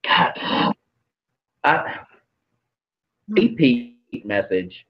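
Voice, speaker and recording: A man's voice: medium pitch, sing-song, extremely slow, highs cut off. A man channeling spirit messages on a live stream, relaying them bluntly with swearing and hesitant fillers.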